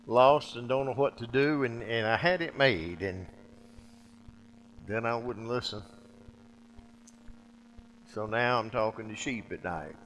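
A man's voice: fairly low pitch, a bit bright, slight background noise. A man doing a stammering, pitiful shepherd. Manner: stammering, flustered, self-pitying. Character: downcast stammering male shepherd, once a prince.

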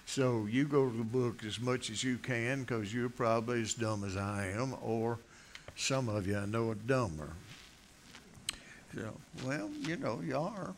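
A man's voice: mid-range voice, measured pace, slight background noise. Folksy older preacher man. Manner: rambling, joking, with many uh fillers and restarts. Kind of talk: folksy sermon.

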